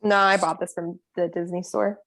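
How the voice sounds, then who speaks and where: A woman's voice: fairly low pitch, flat delivery, normal speed, a bit bright. Giggly female podcast co-host. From Texas. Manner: laughs easily, chatty. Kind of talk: casual chat.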